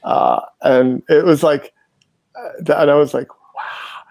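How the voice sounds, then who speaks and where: Man with a dark, gravelly voice, loose and chatty, lots of filler words. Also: on the high side, a little slow, no echo. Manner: rambling, many fillers, amused. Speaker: panel guest. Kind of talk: casual group discussion.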